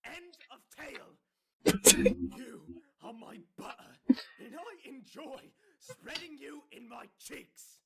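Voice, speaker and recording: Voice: high voice, animated, slow pace, vocal fry, exaggerated voice. A performer voicing a rowdy, absurd British bloke who talks like a pirate and rambles in gibberish, in a parody clip. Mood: manic. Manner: rambling gibberish, shouting slang.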